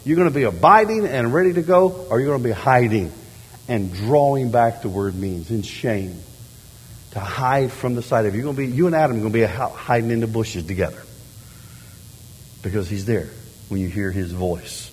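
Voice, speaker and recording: A husky-voiced middle-aged man preaches in a church sanctuary, his words trailing off into a long hall reverb. His delivery is animated, dropping quiet and then rising to loud, emphatic lines. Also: medium pitch, brisk. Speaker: pastor. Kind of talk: sermon.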